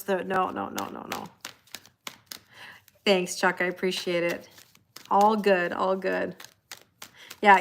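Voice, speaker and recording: A woman's voice: medium pitch, a little hiss or hum. A woman in her forties, a tarot reader, chatting on a live stream, laughing often and answering viewer comments.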